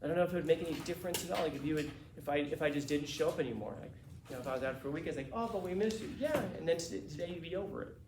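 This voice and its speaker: Guy teaching a class, kinda high voice, super casual and slangy, echoey room. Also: rapid-fire, background noise. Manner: animated, casual and slangy, acting out quotes. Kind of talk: classroom lecture.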